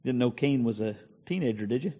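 A man's voice: mid-range voice, expressive, fairly quick, mellow, husky. A male pastor preaching a sermon in a conversational way, full of rhetorical questions. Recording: long hall reverb.

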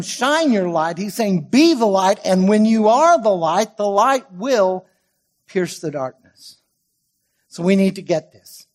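A man preaching a sermon as pastor, emphatic, swinging from loud stressed lines to quiet asides and drawing out key words slowly. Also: sits high.

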